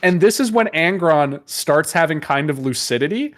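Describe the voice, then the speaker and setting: A man hosts a casual lore chat with a slightly high voice. He tells the story in an animated way, swearing and laughing often as he goes. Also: moderate pace. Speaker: host.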